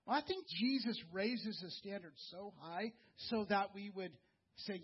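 A man preaching a sermon in a conversational, earnest way, repeating words and dropping soft and low for emphasis. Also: measured pace, husky, muffled recording. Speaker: pastor.

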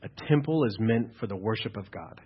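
A pastor preaching a sermon, building to loud, emphatic exhortation at times. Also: male voice, lowish voice, expressive, fairly quick, slightly rough, dull audio.

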